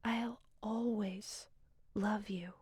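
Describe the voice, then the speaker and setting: A dying wife speaks her last letter in a soft, intimate, half-whispered voice. Her tone is mellow and dark, close and dry, and she talks slowly, lingering on each word. The sound is that of a voiced video game scene. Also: mid-range voice, steady tone, husky, no room sound, full character voice. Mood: tender whisper.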